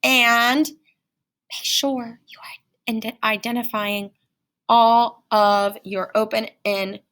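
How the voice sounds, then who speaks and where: A woman teacher giving a playful, animated phonics lesson to young children. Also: medium pitch.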